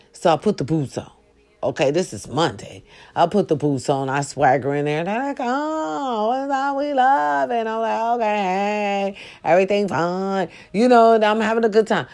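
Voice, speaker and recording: A woman sitting on her bed, in pain, telling a profane, animated story straight to her viewers. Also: on the low side. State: sore, in pain. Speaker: vlogger. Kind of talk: casual storytelling vlog.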